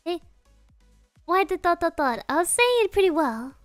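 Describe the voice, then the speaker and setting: High-voiced, giggly woman streamer. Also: sing-song, moderate pace, no echo, faint music behind. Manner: playful, giggly, answering chat. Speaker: virtual streamer. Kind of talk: casual live-stream chat.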